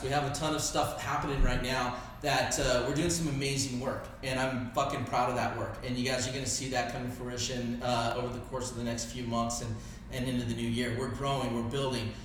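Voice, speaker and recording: A man's voice: medium pitch, little pitch movement, a little fast, fairly bright tone, slight background noise. A man talking in a casual, enthusiastic, rambling way about his business. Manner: enthusiastic and rambling, with many fillers. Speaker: podcast host, business co-founder. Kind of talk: casual chat. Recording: very echoey room with faint background ambience.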